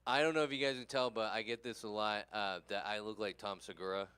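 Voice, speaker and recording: A man's voice: on the low side, fairly even intonation, fast talker, pushed and bright, clean tone, no echo. A tired, tipsy man from California doing a rambling, crude, self-deprecating stand-up set. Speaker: stand-up comedian.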